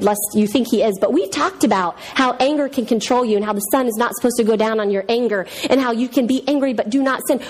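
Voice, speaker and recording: A woman in her thirties teaching a Bible lesson in a casual, animated way, telling stories and acting out voices. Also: high-pitched. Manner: animated storyteller, acts out voices.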